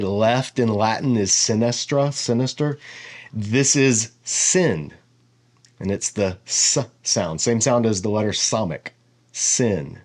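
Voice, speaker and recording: A man giving a relaxed lesson, explaining each letter while thinking aloud. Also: fairly low pitch. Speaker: teacher. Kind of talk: casual whiteboard lesson.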